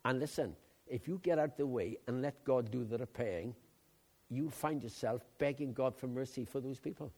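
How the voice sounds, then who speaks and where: Emphatic older Welsh preacher. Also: male voice, medium pitch, normal speed. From Wales. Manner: emphatic, swings between loud outbursts and quiet asides. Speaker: pastor. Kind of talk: sermon.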